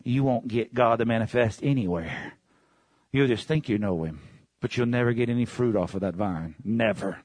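Male preacher, middle pitch, emphatic and repetitive sermon delivery, shouts and hushes, dry close recording. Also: no echo. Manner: fervent, builds to shouts then drops low and slow.

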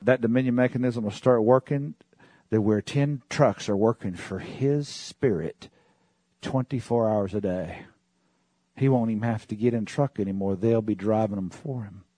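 A male preacher with a husky, slightly rough voice delivers a sermon, his pitch often leaping up into excited, high exclamations. The sound is dry and close, with almost no room around it. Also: normal speed, no room sound.

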